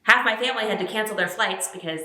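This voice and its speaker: A woman delivering deadpan comedic character monologues, chatty and hesitant with fillers. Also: mid-range voice, fast talker, reverberant. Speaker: comedy sketch performer.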